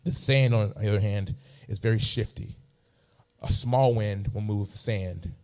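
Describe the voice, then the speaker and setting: A man's voice: fairly low pitch, measured pace, darkish tone. A man preaching a sermon, mixing a funny personal story with emphatic, repeated phrases.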